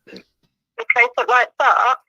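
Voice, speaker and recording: A man's voice: very high-pitched, lively intonation, takes it slowly, sharp tone, dry recording. A male hotel receptionist on a phone call, patient and asking guiding questions. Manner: patient, asks questions to guide the caller.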